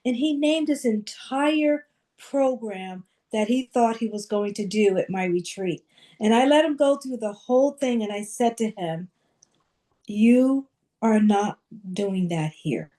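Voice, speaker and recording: A woman doctor shares a story in a mild, meek way. Her voice sits a little high, and she speaks in an unhurried, conversational manner. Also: warm tone. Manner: calls herself mild and meek. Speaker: doctor leading a detox program. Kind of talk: live online talk, anecdote.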